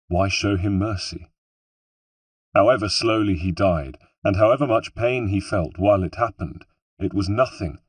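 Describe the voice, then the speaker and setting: Man, low voice, husky, measured first-person narration, dry sound, a bit off-mic. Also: dry recording, distant mic. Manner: measured, somber storytelling. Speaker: audiobook narrator.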